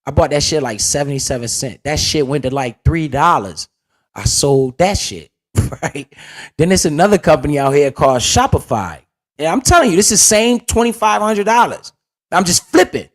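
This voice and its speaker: A man's voice: on the high side, very animated, moderate pace. A young man telling a casual, profane, slang-heavy story as the host of a finance video.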